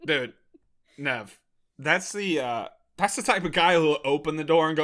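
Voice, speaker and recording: Here a young Maryland man hosting a podcast speaks at a moderate pace with a fairly high pitch. His casual chat is full of lively, foul-mouthed stories, and he laughs a lot.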